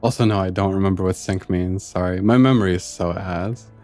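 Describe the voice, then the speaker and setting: A male streamer reacting to a game, excitable and amped up, swearing and stumbling over his words. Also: sits low, a little fast, soft background music.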